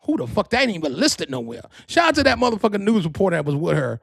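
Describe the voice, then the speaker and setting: A man hosting a podcast, telling gossip stories in a profane, rambling, animated way. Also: high-pitched, fast, gravelly, husky, no room sound, studio quality. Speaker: podcast host. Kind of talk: casual storytelling monologue.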